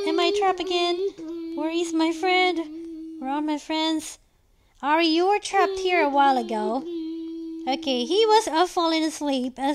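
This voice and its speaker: A woman in her thirties playing a video game with her child, giving animated, exclamation-filled commentary. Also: very high voice. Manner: animated, frequently exclaiming and calling for help. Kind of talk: excited gameplay commentary.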